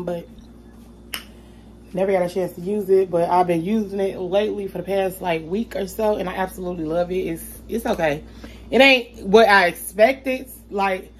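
A woman's voice: lowish voice, a little hiss or hum. A woman chatting casually to her viewers while she cooks dinner in her home kitchen, calling them y'all again and again. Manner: chatty, talks straight to viewers with lots of y'all. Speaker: vlogger. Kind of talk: casual cooking vlog.

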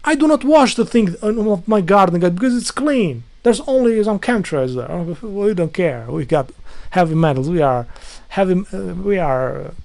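A man's voice: high voice, lively intonation, moderate pace, vocal fry, few pauses, darkish tone. Guy ranting to his viewers in shaky non-native english, fed up, swears a lot, keeps tripping over his words. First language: not English. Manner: exasperated ranting, swears often, restarts a lot. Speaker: vlogger. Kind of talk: casual rant to camera.

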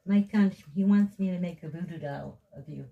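A woman's voice: on the low side, normal speed, creaky, phone-quality sound. A Japanese woman with a Japanese accent, chatting casually and teasing in a playful way. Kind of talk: casual chat.

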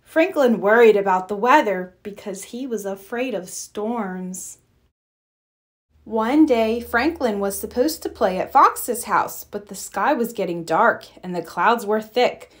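A woman reading a children's picture book aloud with expressive storytelling. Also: mid-range voice, measured pace. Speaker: storybook reader. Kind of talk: children's read-aloud narration.

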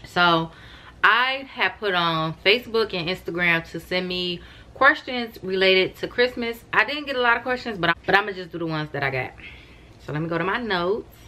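A woman's voice: lowish voice, animated, normal speed, pushed and bright. A young woman vlogging from home in a casual, chatty way, often calling her viewers "y'all". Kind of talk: casual chat to camera. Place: at home, wrapped in a robe and blanket.

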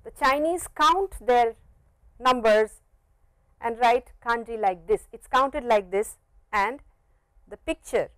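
A woman with an Indian English accent teaching a Japanese lesson, patiently repeating phrases slowly for learners. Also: a little high, fairly bright tone, dry recording, rough recording. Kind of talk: classroom lecture. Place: teaching studio with a board.

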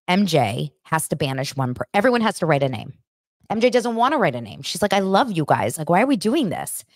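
A woman in her thirties hosts a chatty podcast in a fairly low voice, recorded dry and close with no room sound. She tells stories excitedly and acts out other people's lines. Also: dry recording. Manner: excitable, animated retelling with acted-out quotes. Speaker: podcast host. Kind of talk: casual chat recapping reality TV.

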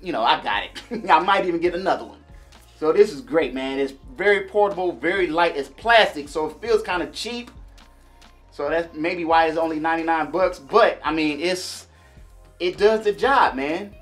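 A man casually demonstrating and reviewing a small audio mixer for his viewers, chatty and relaxed. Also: fairly high pitch, normal speed, faint music behind. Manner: laid-back, chatty, addresses viewers as y'all and man. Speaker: gear reviewer. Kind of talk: casual product demo vlog.

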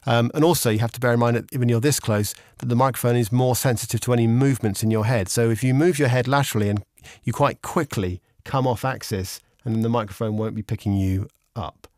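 A man talks through studio technique in a relaxed, explanatory tone, pausing on ums and restarting his sentences. His voice sits at an ordinary middle pitch. The sound is dry and close, captured on a studio condenser mic. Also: no room sound. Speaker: instructor. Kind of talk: casual instructional explanation. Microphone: studio condenser microphone with pop shield.

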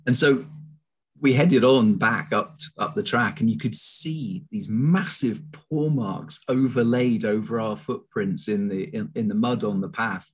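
A man's voice: on the low side, measured pace, slightly rough. A man being interviewed as a guest, telling a story with quoted dialogue over a video call. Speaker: guest naturalist and tour leader.

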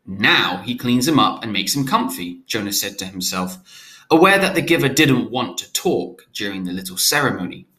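Guy reading a novel out loud, bright voice, stops to explain words in plain terms. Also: mid-range voice. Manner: stops to restate hard words in simpler terms. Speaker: reader of a novel aloud.

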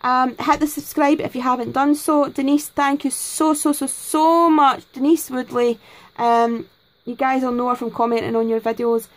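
A woman's voice: sits high, flat delivery, normal speed, rough recording. A woman, chatting to camera at her craft desk at home, gushing with thanks as she unboxes her gifts. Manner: gushing, effusive, many exclamations. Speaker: craft vlogger.

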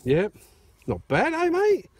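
An Australian man filming a casual outdoor vlog on his phone, chatting excitedly to viewers and calling his mate "mate" a lot. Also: very high-pitched, takes it slowly. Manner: excitable, blokey, lots of "mate" and "righto". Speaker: metal detecting channel host. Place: outdoors at a dig site. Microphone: phone camera.

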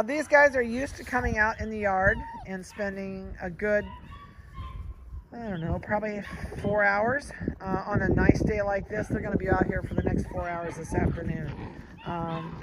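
A man who breeds dogs, giving folksy, chatty advice outdoors in a yard and pausing to comment on the puppies. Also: high voice, fairly even intonation. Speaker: dog breeder. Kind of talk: casual outdoor advice talk. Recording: loud wind noise outdoors. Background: wind and puppies playing.

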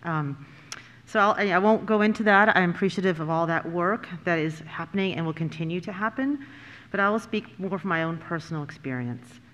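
A woman from California, a school board member, gives formal prepared remarks at a public meeting in a measured, earnest way with emphatic pauses. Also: lowish voice, a bit bright, in a large hall, lo-fi sound. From California, United States.

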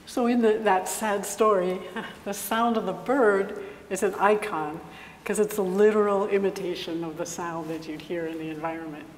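A woman giving a live talk to an audience, calm and explanatory with a few hesitations. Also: medium pitch, normal speed. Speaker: composer presenter. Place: lecture hall. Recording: echoey hall with faint noise.

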